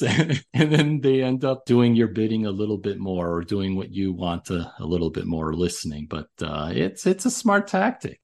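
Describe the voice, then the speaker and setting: A man's voice: mid-range voice, a little mellow. A man hosting an interview, talking casually and rambling with frequent restarts. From raised in a Greek household. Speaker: podcast host.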